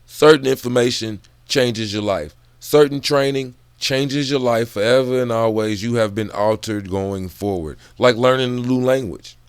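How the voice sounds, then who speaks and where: A man talks loosely and profanely about a book, wandering into side stories. He laughs between thoughts. His voice sits at an ordinary middle pitch, with a dry, close sound and no room echo. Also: normal speed, few pauses, clear, resonant tone. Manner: loose, profane, digressive talk. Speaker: book commentary vlogger. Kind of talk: casual profane book commentary.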